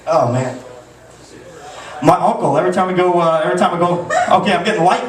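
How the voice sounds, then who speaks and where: A man's voice: high voice, fast talker, recorded from a distance. A man doing a crude stand-up set in a comedy club, rambling with restarts. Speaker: stand-up comic. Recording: echoey club recorded from afar.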